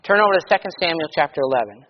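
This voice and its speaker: A man's voice: fairly high pitch, animated, very fast. A male pastor giving a sermon, reading scripture aloud with strong emphasis and breaking off into plain conversational asides. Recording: echoey hall, dull lo-fi sound.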